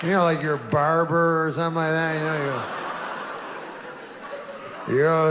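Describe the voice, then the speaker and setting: A man telling long stand-up stories in a dry, deadpan way, stalling on uh's and you-knows. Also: fairly high pitch, fast talker, a crowd in the background, noisy background. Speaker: stand-up comedian. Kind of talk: deadpan talk-show storytelling.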